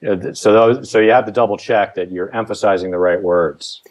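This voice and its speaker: A man chatting casually about songwriting, relaxed and a little rambling. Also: fairly low pitch, brisk, low-quality recording. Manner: relaxed, rambling with restarts and fillers. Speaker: songwriting guest. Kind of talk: casual conversational advice.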